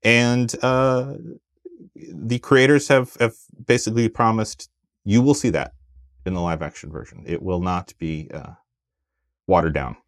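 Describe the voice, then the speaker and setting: A man co-hosting a podcast in casual chat, animated, with plenty of fillers and restarts. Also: lowish voice, unhurried, no echo, clean studio sound. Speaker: podcast co-host.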